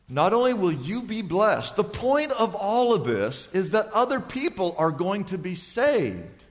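A man preaching a sermon as pastor, telling stories and dropping from loud to hushed. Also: sits high, very animated, measured pace, few pauses. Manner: storytelling, swings from loud to hushed. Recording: long hall reverb.

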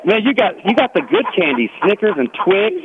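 A man's voice: high voice, big pitch swings, brisk, narrow, tinny audio, a loud crowd. A man out on location for a radio prank, out of breath and giggling. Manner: giggly, playful. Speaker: field reporter doing a prank.

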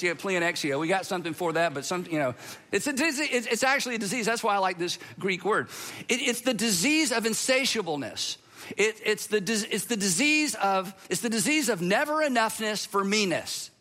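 A middle-aged man preaching a sermon as a pastor, in a conversational, animated way. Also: sits high, fairly quick. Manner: conversational, animated, acts out quoted voices.

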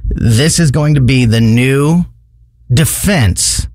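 A man's voice: medium pitch, slow, a little mellow, no room sound, studio quality. A man co-hosting a talk radio show, giving opinionated commentary in an indignant, mocking way.

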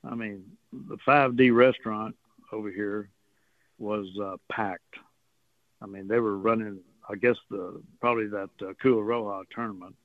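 A man's voice: on the low side, steady tone, moderate pace, dry recording. A man, a guest on a radio show, telling stories in a folksy, rambling way and chuckling often. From Texas coast. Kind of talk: casual storytelling on radio. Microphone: phone call. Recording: tinny phone line.

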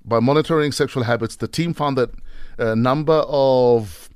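A man's voice: mid-range voice, normal speed, darkish tone, clear, resonant tone, no room sound, studio quality. Man hosting morning radio. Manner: playful, asks blunt questions, reads out news items. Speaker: radio show host. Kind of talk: casual morning radio chat. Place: radio studio.

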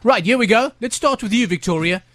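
Teasing radio host. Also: male voice, high-pitched, lively intonation, a little fast, a bit bright, no echo. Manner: playful, teasing, quizzing co-hosts. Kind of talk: breakfast radio banter. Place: radio studio.

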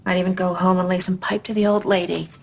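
An actress playing a ruthless, fierce businesswoman in a TV drama clip, with a gravelly voice. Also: fairly low pitch, little pitch movement, fast talker. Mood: contemptuous. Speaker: television character. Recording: clip played from a TV drama with faint noise.

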